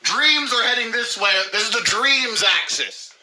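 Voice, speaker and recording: A man's voice: extremely high pitch, animated, unhurried, bright, forceful tone, a little hiss or hum, poor audio. A man co-hosting a comedy podcast, ranting in a mock-serious, sweary way. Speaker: podcast co-host.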